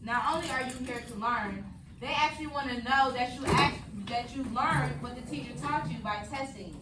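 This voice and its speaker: A woman's voice: sits high, moderate pace. A woman teaching a class of children, with a firm, commanding way of talking, leading call-and-response chants. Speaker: elementary school math teacher. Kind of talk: classroom instruction. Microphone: distant camera mic. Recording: echoey classroom, far from mic, noisy.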